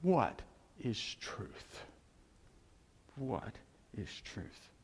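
A man voicing a weary, bewildered Roman governor in a sermon, slow and hushed, with a Southern accent. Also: medium pitch, vocal fry, in a large hall, voice pushed down.

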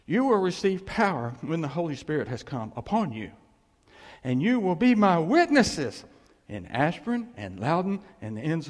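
Animated preacher in a reverberant hall. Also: male voice, a little high. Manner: animated, conversational, acts out quoted voices. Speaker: pastor. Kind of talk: sermon.

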